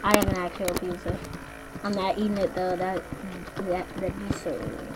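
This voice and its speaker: A woman's voice: medium pitch, level tone, moderate pace, heavy background noise. Chatty young woman co-hosting a gaming video. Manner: chatty, swears casually, storytelling with lots of "like" and "basically". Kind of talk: casual gameplay chat.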